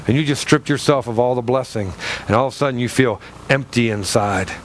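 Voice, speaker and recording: A man's voice: mid-range voice, a little fast, slight background noise. A male pastor preaching a sermon in a church, firing rhetorical questions with dramatic swings in his delivery.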